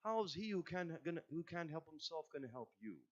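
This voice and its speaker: Man reading a mild, teasing young prophet, lively delivery, dull sound. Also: on the high side, fairly quick, voice pushed up. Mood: calmly reasoning. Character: calm, bold young male prophet.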